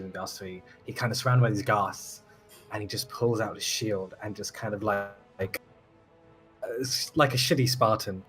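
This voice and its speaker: A man playing a tabletop game, describing his character's actions in a halting way while searching for words. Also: fairly low pitch, fairly bright tone, rough recording. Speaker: player. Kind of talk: casual tabletop game chat.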